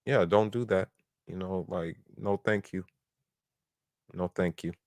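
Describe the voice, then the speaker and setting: Blunt male podcast host, low voice, dry close mic. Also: measured pace, darkish tone, no echo. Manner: blunt, argumentative, recites verses in Arabic. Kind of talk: casual debate talk.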